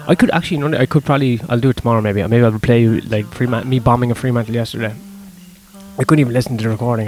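A man's voice: mid-range voice, darkish tone. Profane, rambling comedian man. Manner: profane, self-deprecating, rambling. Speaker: stand-up comedian. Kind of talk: casual vlog monologue.

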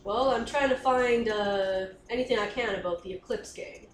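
A woman's voice: on the high side, moderate pace, natural voice. A woman playing an earnest, dutiful female police officer in a tabletop game, speaking plainly. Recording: roomy room, distant mic, crowd noise.

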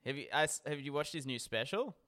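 A man's voice: fairly high pitch, lively intonation, quick pace, fairly bright tone. A man with an Australian accent, co-hosting a casual podcast chat, teasing and laughing often. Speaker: podcast co-host.

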